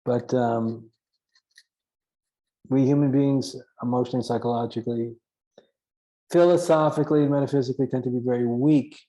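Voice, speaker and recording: A man's voice: mid-range voice, steady tone, normal speed, long pauses, dark tone, rough recording. A man giving an earnest spiritual teaching talk, stressing his points by repeating phrases and now and then chuckling at himself.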